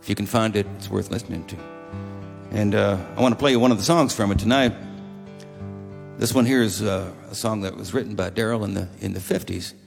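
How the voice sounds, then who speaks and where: An older man with a gravelly, creaky voice spins loose, wry stories from a concert stage between songs, chuckling as he goes. His voice carries the long reverb of a concert hall. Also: fairly low pitch, fairly even intonation, a little fast, faint music behind. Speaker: musician telling stories on stage. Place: live concert venue.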